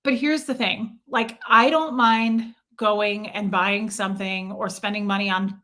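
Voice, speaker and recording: A woman's voice: medium pitch, steady tone, a little slow, pushed and bright. A woman hosting a casual livestream, chatting with viewers and venting in a talkative, repetitive way. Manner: chatty, venting, repeats herself. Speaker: livestream host reading chat.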